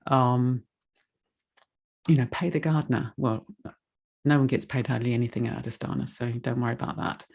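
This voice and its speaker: A woman giving a heartfelt, rambling donation appeal in an online meditation session, emotional and close to tears. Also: rumbling low. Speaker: speaker making a donation appeal.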